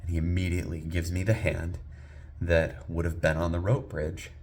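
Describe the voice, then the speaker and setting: A man in his thirties, a father, telling a personal story in a lively way that rises loud and sinks to a hush. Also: moderate pace, a little hiss or hum. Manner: lively, climbs loud on exciting beats and drops low and hushed at tense moments.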